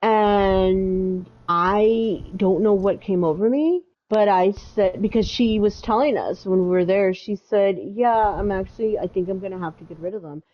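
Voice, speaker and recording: A woman's voice: mid-range voice, normal speed, few pauses. Chatty woman cohost rambling thru a pet story, kinda muffled lo-fi sound. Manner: rambling, lots of fillers and restarts. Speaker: podcast co-host. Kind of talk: casual storytelling chat. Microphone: home mic with audio issues. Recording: dull lo-fi audio.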